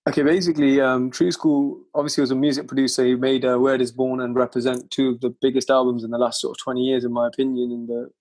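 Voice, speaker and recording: A man's voice: medium pitch, level tone, fast, few pauses, a little mellow. A young man, a guest chatting in a laid-back, slangy way during an interview. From Leicester, England. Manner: laid-back, swears and laughs often, slangy. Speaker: guest lyricist. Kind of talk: casual interview chat.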